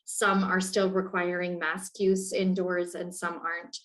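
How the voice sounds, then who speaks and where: A woman in her forties from Maine, an executive director, giving measured interview answers with some fillers from a hotel room. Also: on the low side, little pitch movement, fairly bright tone, rough recording. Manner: clear, measured explaining with fillers.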